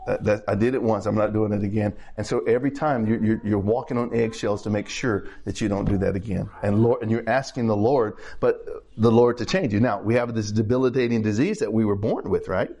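A man's voice: on the low side, a little fast, hardly any pauses, mellow. A man preaching a sermon in a conversational way, checking in with the congregation and repeating phrases as he builds his points.

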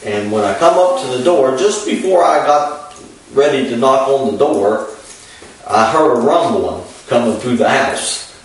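Folksy preacher telling a story. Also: male voice, mid-range voice, expressive. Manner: folksy, unhurried storytelling with many fillers. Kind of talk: storytelling sermon. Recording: echoey, far from the mic.

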